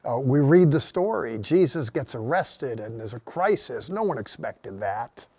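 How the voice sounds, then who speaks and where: A man's voice: mid-range voice, lively intonation, a little slow, vocal fry, dark tone, husky, no echo. A middle-aged man giving an earnest teaching sermon, reading scripture aloud and voicing the quotes with emphasis. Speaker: Bible teacher.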